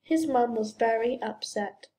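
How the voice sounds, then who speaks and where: A woman reading a children's storybook aloud in a gentle, expressive way. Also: a little high, unhurried. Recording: roomy echo.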